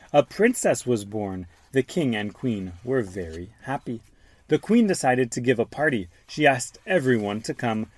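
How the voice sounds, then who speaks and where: A man hosting a show where he reads a storybook aloud to his young son and stops to explain words gently. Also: medium pitch, no room sound. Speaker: father reading to his child, podcast host.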